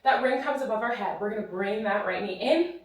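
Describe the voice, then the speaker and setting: A woman's voice: mid-range voice, fairly quick. A woman out of breath, leading a follow-along Pilates class with encouraging cues and counted reps. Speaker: Pilates instructor. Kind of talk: follow-along workout cueing. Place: studio with reformer machine. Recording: roomy echo, mic at a distance.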